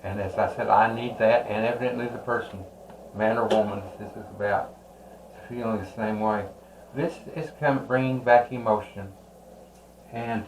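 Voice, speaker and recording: A man giving a slow, rambling tarot card reading, pausing often with "uh". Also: medium pitch, roomy sound, background noise. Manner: slow, rambling, with many "uh" pauses. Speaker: tarot reader.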